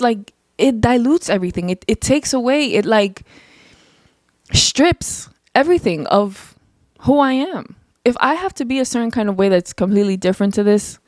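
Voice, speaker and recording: Loud, blunt young woman talking straight. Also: mid-range voice, no room sound, clean studio sound. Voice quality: naturally loud voice that projects. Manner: blunt, emphatic, talks fast with lots of "like". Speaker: podcast host. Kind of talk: casual solo chat.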